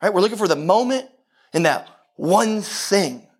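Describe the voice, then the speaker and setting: A man with a fairly high voice preaches a sermon. He talks to the congregation in an easy, conversational way, often restarting his sentences and putting rhetorical questions to the room. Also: animated, normal speed. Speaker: pastor.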